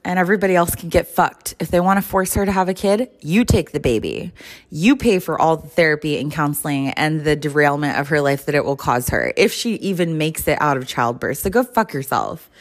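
A woman's voice: low-pitched, fairly quick. A woman in her thirties, co-hosting a casual chat, rambling and giggly, swearing freely. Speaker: podcast co-host.

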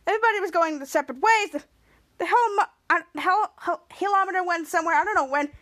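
A woman with a very high voice hosts a podcast and recaps an episode in a loose, rambling way. She restarts her sentences often and trips over words as she goes. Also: fast talker, fairly bright tone. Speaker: podcast host.

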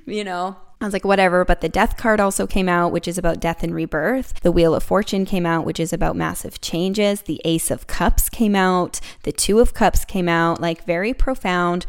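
A woman's voice: on the low side, gravelly. A young woman hosting her own show, telling a personal story in a chatty way and often repeating words. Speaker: podcast host.

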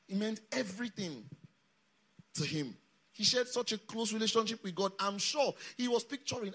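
Bright, emphatic preacher man. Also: sits high, lively intonation, normal speed. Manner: emphatic, leads congregation in reading aloud. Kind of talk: sermon. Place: church or camp meeting hall.

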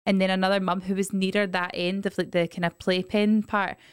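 A Scottish woman chatting on a podcast and spinning stories with lots of energy. Her voice is smooth and clean, recorded close and dry with no room sound. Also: mid-range voice, a little fast, dry recording. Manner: animated storyteller. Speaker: podcast co-host. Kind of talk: casual chat.

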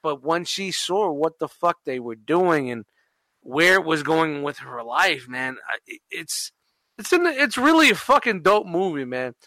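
A man co-hosting a podcast, talking loosely and swearing all the time, in a fairly high, bright voice. The sound is dry and close on the mic, with no room around it. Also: very animated, a little slow, no room sound. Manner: profane, rambling, emphatic. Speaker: podcast co-host. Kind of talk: casual podcast chat.

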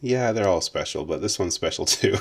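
A young man with a very low voice co-hosting a podcast. He chats casually and jokingly, laughing often and scattering fillers through his talk. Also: lively intonation, moderate pace, gravelly, slightly rough. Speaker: podcast co-host. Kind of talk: casual chat.

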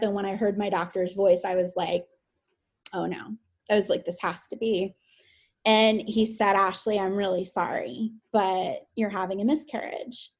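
Soft-spoken young woman recounting a loss. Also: medium pitch. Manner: soft-spoken, halting, with many fillers. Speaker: podcast guest. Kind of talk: emotional personal interview.

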